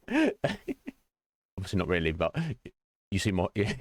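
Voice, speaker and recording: A man's voice: sits low, huge pitch swings, slow pace, pauses often. A male streamer chatting casually with viewers during a game stream, rambling and teasing, laughing often.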